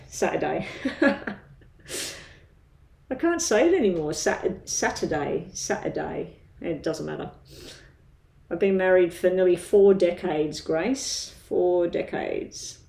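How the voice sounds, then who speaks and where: Gravelly-voiced Irish woman reading tarot. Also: medium pitch, darkish tone. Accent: Irish with a slight British tinge. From Ireland. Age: 50s. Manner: rambling, chatty, many ums. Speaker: tarot reader. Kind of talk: live-stream tarot reading chat.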